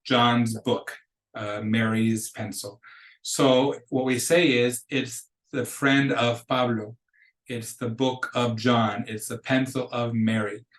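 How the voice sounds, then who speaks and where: A man gives a recorded lesson, patiently working through examples and repeating key phrases. His voice sits in a middle pitch. The room around him is echoey. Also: steady tone, slow pace. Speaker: Spanish teacher. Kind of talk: recorded lecture for students.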